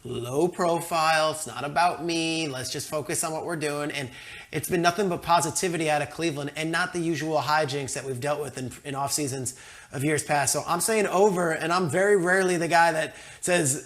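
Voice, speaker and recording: Guy on a sports panel making his pick, kinda high voice, emphatic. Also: fairly bright tone. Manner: emphatic, confident. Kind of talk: sports debate.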